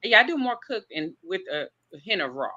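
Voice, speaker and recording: A woman in her forties from Chicago with a Southern US accent, talking warmly about her cooking and laughing easily. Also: mid-range voice, big pitch swings, fairly quick, muffled recording. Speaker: vegan chef and caterer. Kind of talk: casual interview chat.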